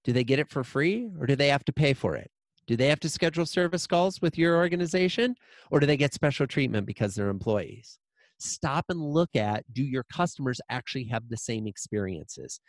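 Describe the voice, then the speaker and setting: A man's voice: medium pitch, dry recording. A man speaking as a guest in an interview, telling a story with emphasis and repeating short lines for weight.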